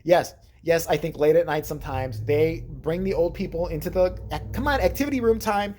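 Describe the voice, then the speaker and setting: A man giving a casual vlog update, crude and sarcastic, with a husky voice. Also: a little high, brisk, a little mellow, faint music behind. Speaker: vlogger.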